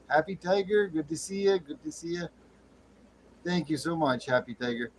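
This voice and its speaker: A man hosting a late-night livestream chat in a folksy way, greeting viewers with loud whoops. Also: a little high, expressive, normal speed, long pauses, rough recording. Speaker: livestream host. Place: home studio with air conditioner running. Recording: faint air conditioner hum.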